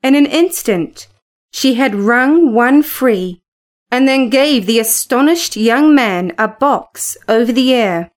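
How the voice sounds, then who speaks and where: Brief: female audiobook narrator, clear and measured, slow delivery, slightly high voice. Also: expressive.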